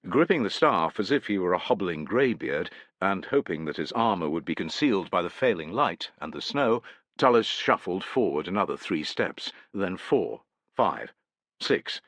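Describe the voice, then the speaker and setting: A man's voice: sits low, sing-song, normal speed, fairly bright tone, no echo. A man narrating a historical war novel in a scripted, dramatic reading. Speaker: audiobook narrator.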